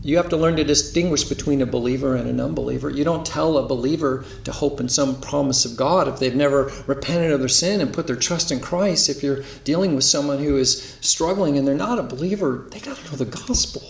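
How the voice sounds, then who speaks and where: A man preaching a sermon, emphatic, slowing to stretch key words and asking rhetorical questions. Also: mid-range voice, vocal fry, echoey room, distant mic, a little hiss or hum. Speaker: pastor.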